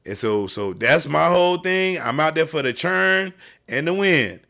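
A man who hosts a podcast and coaches youth football, telling stories in casual chat, animated and profane. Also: on the high side, unhurried, creaky.

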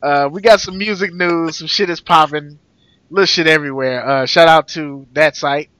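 A man's voice: on the high side, normal speed, a bit bright, no echo. A man from the United States co-hosting a podcast, teasing and swearing in casual banter. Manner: teasing, profane. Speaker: podcast co-host.

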